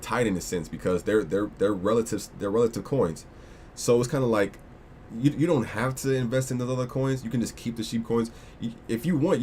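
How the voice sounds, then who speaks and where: A man's voice: lowish voice, darkish tone, a little hiss or hum. A young man hosting a casual crypto livestream, rambling with lots of restarts and slangy asides.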